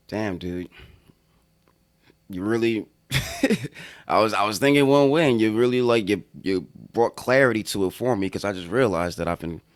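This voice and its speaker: A man's voice: on the low side, lively intonation, a little slow, pauses often, no room sound. A young man co-hosting a podcast, laid-back and slangy, with sighs and swearing. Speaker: podcast co-host. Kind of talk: casual podcast chat.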